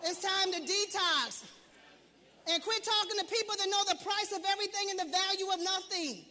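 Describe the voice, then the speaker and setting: High bright-voiced woman preaching success. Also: moderate pace, big-room sound, a faint crowd. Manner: preachy, repetitive, emphatic questioning. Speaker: business and wealth coach. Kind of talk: motivational talk to an audience.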